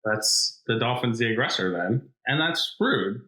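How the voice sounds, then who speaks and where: A man's voice: mid-range voice, lively intonation, measured pace, sharp tone. A man co-hosting a podcast in casual banter, with dry, absurd jokes. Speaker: podcast co-host. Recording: echoey room.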